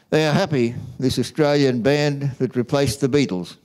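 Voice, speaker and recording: A man, a Catholic priest, giving a homily in a slow, measured storytelling manner. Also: mid-range voice, a little mellow.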